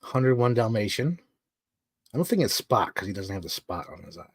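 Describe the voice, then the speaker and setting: A man live streams while showing off collectibles, chatting casually and rambling like a fan with plenty of fillers. His lowish voice is sing-song, with vocal fry and a breathy edge, at a moderate pace. The studio-quality recording has no echo.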